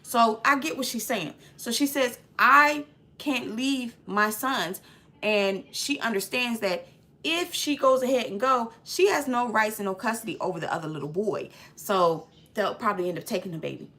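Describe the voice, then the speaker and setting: A woman's voice: a little high, moderate pace. A woman giving a casual, slangy movie recap, retelling the plot with lots of filler and acting out scenes as she goes. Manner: lively storyteller acting out scenes. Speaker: movie reviewer.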